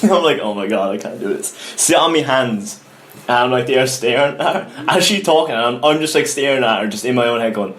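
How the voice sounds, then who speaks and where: A man's voice: mid-range voice, brisk. Young Irish man telling a story, echoey room. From Ireland. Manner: animated, laughing storyteller who swears a lot. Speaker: podcast co-host. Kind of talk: casual chat, storytelling.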